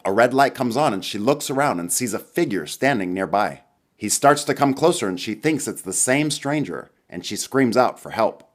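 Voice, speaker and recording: A man narrating a scripted movie summary in a lively storytelling manner. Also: on the low side.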